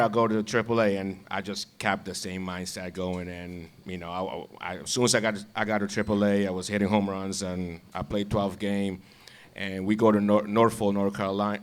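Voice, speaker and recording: A former baseball player appears as a guest, casually telling stories with frequent laughs and repeated words. His voice is lowish and a bit bright.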